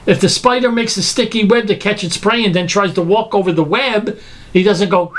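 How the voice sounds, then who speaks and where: A man's voice: high-pitched, fairly quick. Man preaching in rhetorical questions. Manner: emphatic, full of rhetorical questions. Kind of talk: sermon-style lecture.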